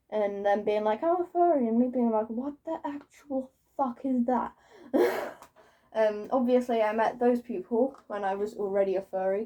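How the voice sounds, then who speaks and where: A woman's voice: medium pitch, warm tone. A young woman vlogging in a casual, rambling way, swearing freely and joking about herself. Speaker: YouTuber. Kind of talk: casual vlog monologue. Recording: voice a bit far from the mic.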